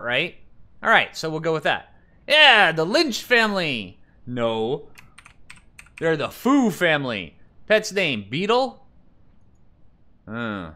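This is a man giving relaxed let's-play commentary, chatting to himself as he clicks through options and reads the on-screen text aloud. His voice is bright and forward, and his pitch swings up and down as he goes. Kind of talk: casual gameplay commentary.

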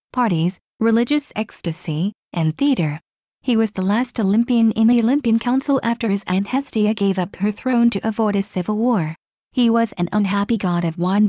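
Brief: woman storyteller reading fan fiction, mellow tone, dry close sound. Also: mid-range voice, no echo. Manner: steady, even reading with occasional slips. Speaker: story narrator.

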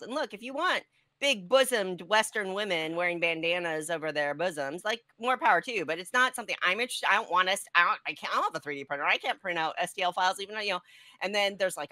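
A woman's voice: fairly low pitch, sharp tone, dry recording. A woman co-hosting a podcast, rambling conversationally about crowdfunding and board games. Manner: rambling, conversational, many fillers. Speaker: podcast co-host.

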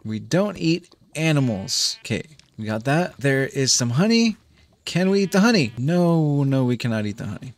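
A man's voice: medium pitch, big pitch swings, moderate pace, no room sound. Chatty man thinking aloud. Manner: chatty, thinks aloud, frequent restarts and chuckles. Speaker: let's play host. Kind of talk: gameplay commentary.

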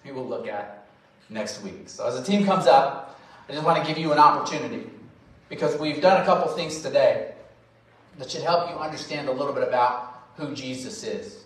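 A male pastor preaching a sermon, swinging from loud emphasis to quiet, drawn-out phrases. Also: mid-range voice, lively intonation. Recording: very echoey hall, voice from far off.

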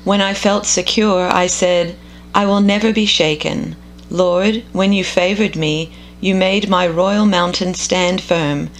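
Woman reading scripture, gravelly and slow. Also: on the low side, steady tone, slight background noise, poor audio. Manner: measured, contemplative. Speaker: scripture reader.

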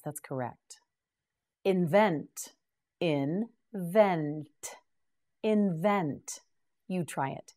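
Her voice sits on the low side and sounds mellow. This middle-aged teacher runs through English words slowly, repeating each one several times, patient and encouraging, praising the learner throughout a scripted pronunciation drill.

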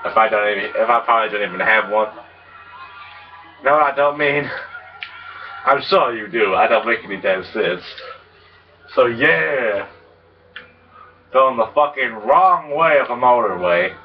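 A man giving casual game commentary, rambling and crude, laughing and jumping into high excited yelps. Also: distant mic, lo-fi sound. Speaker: gameplay commentator.

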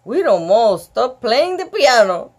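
A woman's voice: on the high side, sing-song, measured pace, slightly rough. A woman reading a picture book aloud with chatty asides, giggly and easily amused. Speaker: storybook reader.

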